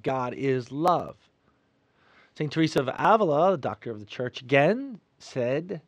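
Earnest middle-aged man, sermon-style talk, emphatic then hushed, dry studio sound. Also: a little high, no room sound. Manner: earnest, emphatic, swings between loud and soft. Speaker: Catholic radio host. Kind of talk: spoken reflection, sermon-like.

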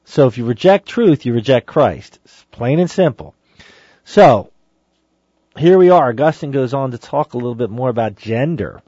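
A man's voice: mid-range voice, animated, moderate pace, warm tone, dry recording. A man giving an emphatic Catholic teaching talk on a saint's sermon, exhorting listeners and reading passages aloud. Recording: dry, dull lo-fi sound.

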